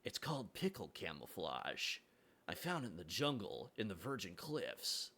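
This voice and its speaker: A man putting on a grim gravelly soldier voice, low and deadpan, quiet and gruff. The tone stays dry and lively in pitch despite the gloom. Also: moderate pace, exaggerated voice.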